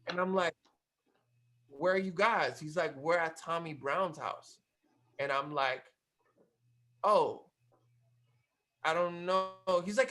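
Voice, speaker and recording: A man from Cape Verde telling a story in a casual interview, animated and slangy, swearing freely. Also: fairly high pitch, slow pace, pauses often, low-quality recording. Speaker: guest.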